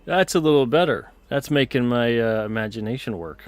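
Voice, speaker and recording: Lively skeptical man on a call. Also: medium pitch, brisk, no echo. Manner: skeptical, asks follow-up questions. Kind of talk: casual chat.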